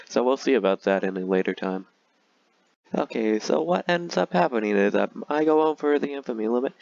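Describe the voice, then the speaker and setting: A man's voice: fairly low pitch, gravelly, background noise. A man talking casually and sarcastically through a strategy game, with frequent filler words. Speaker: gaming video creator.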